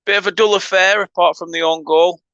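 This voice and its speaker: Northern english bloke chatting over a footy match, bright tone, dry close mic. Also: male voice, high voice, fairly even intonation, fairly quick, clean tone, dry recording, dull audio. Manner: chatty banter with viewers, laughing asides. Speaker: fan channel host. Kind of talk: casual watchalong commentary.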